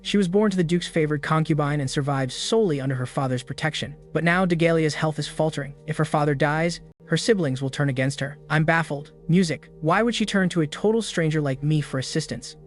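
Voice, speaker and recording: A man narrates a fantasy recap in first person, his voice sitting a little high for a man. The delivery is steady and scripted throughout. A faint music bed plays under him. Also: brisk, few pauses. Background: background music.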